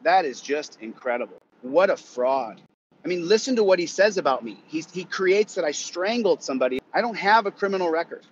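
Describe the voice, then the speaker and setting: A man's voice: on the high side, highs cut off, slight background noise. A young man in a heated, profane rant to his vlog audience, repeating himself as he vents. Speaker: vlogger. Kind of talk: angry rant to camera.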